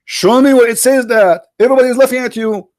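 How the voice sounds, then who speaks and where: A man hosting a heated live debate, combative and repeating insults, his voice strained and going hoarse. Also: extremely high pitch, fast talker, no echo, studio quality. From Arab world. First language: Arabic. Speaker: livestream debate host.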